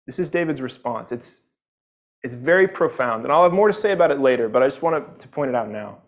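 A man teaching a Sunday morning Bible lesson in an earnest, conversational way. He often doubles back on his words while thinking, and his voice sits at an ordinary middle pitch. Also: animated, fairly quick.

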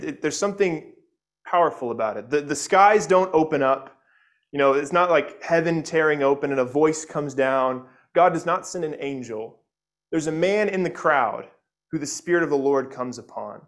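Male pastor, slightly high voice, earnest expository preaching, repeats words, checks in with "right?". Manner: reads scripture aloud expressively. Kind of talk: expository sermon.

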